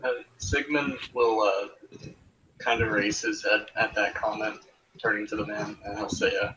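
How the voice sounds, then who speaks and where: A man playing a tabletop role-playing game, describing his character with hesitant pauses. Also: fairly low pitch, level tone, pushed and bright, slight background noise. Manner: hesitant, with fillers. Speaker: player. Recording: muffled, distant mic.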